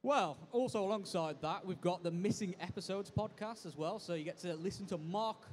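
A young man with a high voice hosts a convention panel in casual, slangy banter. He laughs often and keeps the talk upbeat. Faint hall noise sits behind him. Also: moderate pace, darkish tone. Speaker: panel host.

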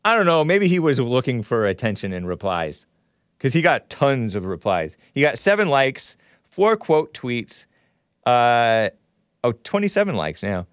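A man's voice: medium pitch, big pitch swings, measured pace, smooth, dry recording, clean studio sound. A man hosting a casual livestream, rambling and laughing often as he reads comments and takes calls. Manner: rambling, laughs often, talks back to chat. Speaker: host.

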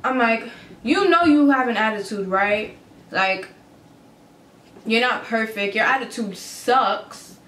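A young adult woman vlogger recounting a story in a casual, animated, swearing, incredulous way. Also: on the high side, takes it slowly, pauses often. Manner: animated, profane, incredulous retelling. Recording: roomy echo with faint ambience.

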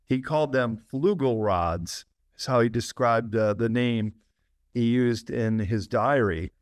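A man's voice: mid-range voice, a little slow, dry recording, clean studio sound. A man as a guest author on an interview podcast, explaining at length with enthusiasm and frequent laughs.

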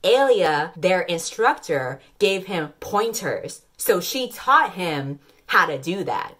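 A woman's voice: lowish voice, very animated, slow pace, a bit bright. A woman hosting a comedic book roast, reading passages aloud and mocking them with sarcastic, profane asides. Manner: reads passages aloud then riffs on them. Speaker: book reviewer and channel host.

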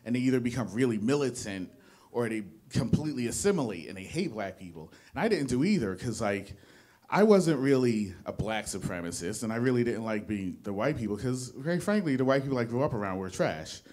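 A young man's mid-range voice sounds expressive and a little mellow, moving a little fast. He's a New Jersey native doing rambling, self-deprecating stand-up in a small studio for a live audience, often stopping and restarting his sentences.

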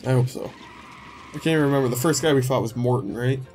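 A man's voice: mid-range voice, fast talker, a little mellow. A young man giving casual, sarcastic let's play commentary with joking banter. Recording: faint game music behind.

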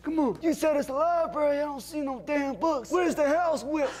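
A man's voice: very high voice, normal speed, darkish tone. A man playing a crude, boastful old man who trolls strangers with brash, vulgar teasing. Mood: bragging. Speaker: prankster.

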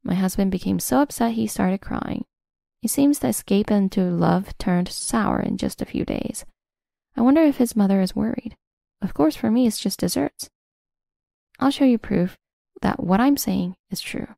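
A woman in scripted first-person narration of a revenge story, smug and measured. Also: mid-range voice, vocal fry, warm tone, no echo, clean studio sound.

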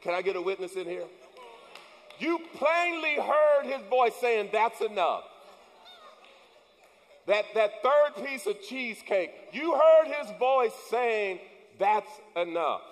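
A man preaches in a church, swinging between quiet asides and shouted, rising points. His voice carries a long hall reverb as he calls out to the congregation. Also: very high voice, lively intonation, a little slow. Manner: preaching with rising, shouted emphasis and call-and-response. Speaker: pastor. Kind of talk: sermon. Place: church sanctuary.

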